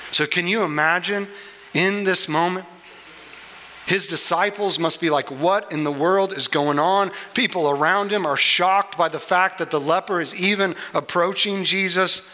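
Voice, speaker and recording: A man preaching a sermon, earnest and unhurried, with small restarts as he explains a Bible passage. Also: on the high side, bright, forceful tone, a little hiss or hum, poor audio. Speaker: pastor.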